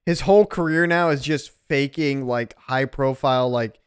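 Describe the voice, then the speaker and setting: Smooth-voiced man chatting on a podcast. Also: medium pitch, moderate pace, no echo, clean studio sound. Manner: profane, animated storytelling. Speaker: podcast host. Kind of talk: casual podcast chat.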